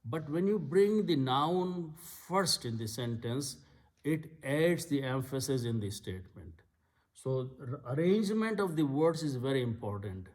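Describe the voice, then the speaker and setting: A man's voice: mid-range voice, lively intonation, measured pace, a little mellow. A man teaching Arabic grammar of scripture in a patient lesson, explaining step by step and repeating key words. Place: Islamic center classroom.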